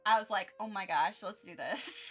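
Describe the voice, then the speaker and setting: A woman's voice: medium pitch, fairly bright tone. A woman streamer chatting casually during her art livestream, rambling with many restarts and frequent giggles.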